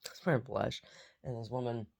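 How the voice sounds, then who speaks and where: A woman's voice: very deep voice, fairly even intonation, a little fast, vocal fry, darkish tone. A woman who paints, chatting casually to camera in a rambling way, often repeating herself. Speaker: painter vlogging her day. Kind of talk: casual chat.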